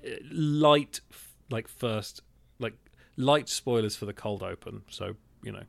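A man co-hosting a podcast and chatting about a film in a rambling, animated way, swearing and laughing often. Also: on the low side, measured pace, creaky, dry recording. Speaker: podcast co-host. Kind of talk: casual film chat.

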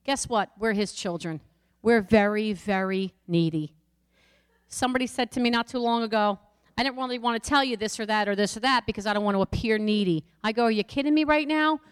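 A woman's voice: medium pitch, steady tone, brisk, smooth. A middle-aged woman pastor preaching a sermon, emphatic and repeating lines for the congregation. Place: church sanctuary. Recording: long church hall reverb.

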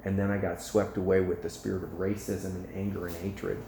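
A man voicing a rough-living male prisoner, speaking low and subdued in an echoey room. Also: level tone, fairly quick, dark tone, slight background noise. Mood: confessional. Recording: echoey room, faint ambience.

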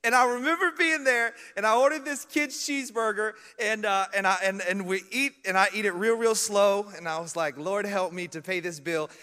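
A man's voice: high-pitched, fairly quick, hardly any pauses, smooth, big-room sound. A young adult man preaching, telling humorous stories and laughing along with them. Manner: humorous, animated, laughs at his own stories. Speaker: pastor. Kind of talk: storytelling sermon.

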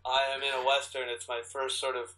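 A man's voice: medium pitch, little pitch movement, fairly quick, a crowd in the background, rough recording. A man from Canada, an actor and guest, telling a rambling, profane story full of restarts. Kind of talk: animated storytelling.

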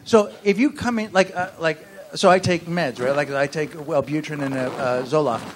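A man's voice: on the high side, moderate pace. A man from the United States in casual comic podcast chat, blunt and swearing often, riffing with exaggeration.

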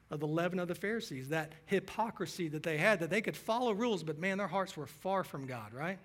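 A man's voice: a little high, animated, a little fast, hardly any pauses, a bit bright. A man preaching a sermon as pastor, earnest, reading scripture passages aloud.

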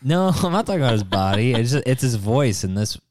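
A man's voice: medium pitch, sing-song, fast, darkish tone, no room sound. A man co-hosting a casual movie podcast, laid-back and hesitant with dry replies. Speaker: podcast co-host.

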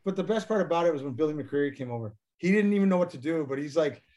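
A man's voice: a little high, animated, racing, a little mellow. A man, a former pro hockey player, telling rambling stories with laughs and restarts in a casual interview.

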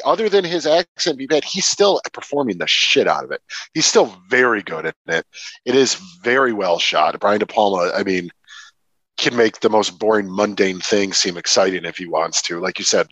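Lively, bouncy male podcast co-host. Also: fairly low pitch, no echo, poor audio. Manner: lively, restarts often, drawn-out emphasis. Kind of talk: casual film chat.

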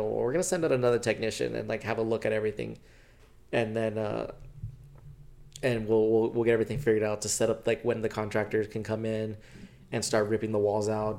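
A young podcast co-host tells a story in casual chat, animated and slangy, swearing freely and acting out what others said. His voice is lowish and gravelly.

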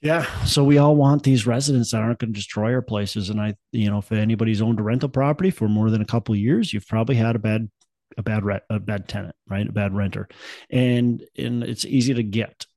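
Gravelly, upbeat man in casual chat. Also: lowish voice, a little fast, warm tone, dry recording. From Minnesota. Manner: rambling, upbeat, many restarts. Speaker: podcast co-host.

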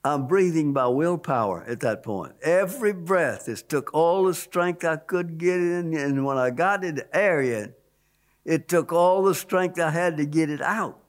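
Man delivering a religious testimony; emphatic and repetitive, raised slightly high voice on stressed points. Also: expressive, a little slow. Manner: emphatic, repeats key words, voice rises on stressed points. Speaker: testimony speaker. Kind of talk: spoken testimony.

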